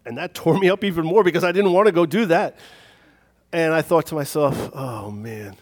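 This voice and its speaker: A man's voice: on the high side, fairly quick. Man preaching a chatty sermon. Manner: conversational, self-deprecating, chuckles at himself. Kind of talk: sermon with personal story.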